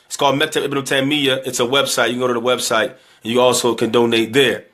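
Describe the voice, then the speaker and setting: Speaking quickly with little pitch movement, a man in a mid-range, fairly bright voice wraps up with an impassioned plea to his community for donations. He sounds weary and emotional, repeating himself and asking pleading questions.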